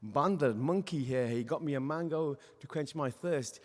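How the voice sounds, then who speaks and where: A man voicing a calm, gentle old wandering holy man. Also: fairly high pitch, moderate pace, lightly acted. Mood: plain. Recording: reverberant hall.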